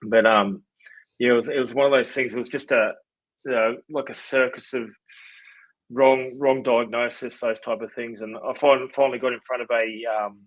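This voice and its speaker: A man in his forties with an Australian accent, a podcast guest telling his story in a relaxed, rambling way with lots of fillers. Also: medium pitch, normal speed, dry recording, low-quality recording. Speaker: podcast guest, former rugby league player. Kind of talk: casual storytelling interview.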